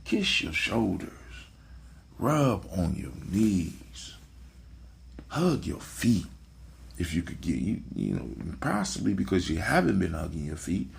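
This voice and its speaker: A man's voice: on the low side, creaky. A man hosting a casual motivational talk, preachy, repeating his phrases and checking in with "right?". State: sleepy, yawning. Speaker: podcast host.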